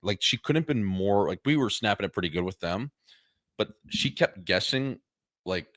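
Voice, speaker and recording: Young wisconsin guy on a podcast, real deep voice, easygoing, dry mic. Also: lively intonation, moderate pace, fairly bright tone, no echo. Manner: easygoing storyteller, filler-heavy. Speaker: podcast co-host. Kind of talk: casual chat.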